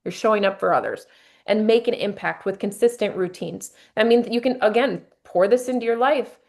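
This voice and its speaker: A woman with a medium-pitched, gravelly, darkish voice speaks briskly as she runs a motivational workshop. As team leader, she addresses the group and upbeatly guides them through breathing exercises.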